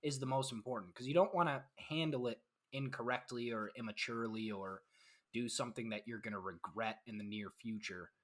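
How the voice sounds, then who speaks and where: A man's voice: medium pitch, a little fast, a bit bright. A man co-hosting a podcast, giving earnest, laid-back advice in casual chat. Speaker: podcast co-host.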